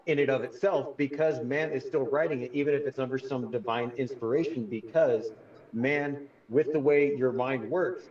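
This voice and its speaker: A man in a casual group chat, raising a question haltingly and searching for words. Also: mid-range voice, a little mellow, recorded from a distance, highs cut off.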